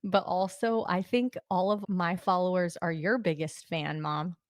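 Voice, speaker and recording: Low-voiced woman podcast host. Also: fairly even intonation, unhurried, dry recording, studio quality. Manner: upbeat, leading questions, prompting her guest. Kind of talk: casual podcast interview.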